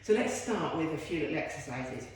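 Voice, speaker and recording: Speaking a little fast in a low, animated voice, this woman leads a home workout as a fitness instructor. The room is very echoey, and she keeps up a chatty, encouraging patter peppered with self-deprecating remarks.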